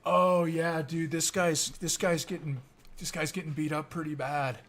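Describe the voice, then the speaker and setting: An excitable young guy at work, gushing and talking fast, his voice jumping high with disbelief, as a man puts him on while telling a story. He sounds eager and a little loud, like he can barely believe what he's seeing. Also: soft background music. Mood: excited. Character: excitable male coworker, young adult.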